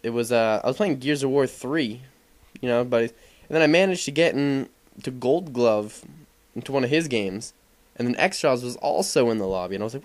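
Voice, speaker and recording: A man's voice: mid-range voice, normal speed. Rambling young man, gaming voice-over. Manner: rambling, filler-heavy, swears freely. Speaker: gaming commentator. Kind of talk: casual voice-over commentary over gameplay.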